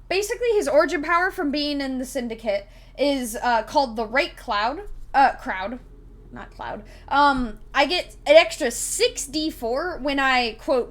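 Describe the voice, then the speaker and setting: A woman's voice: sits high, fairly bright tone. A woman streaming live, chatting casually with viewers in a rambling way, giggling and full of fillers while she explains a tabletop game.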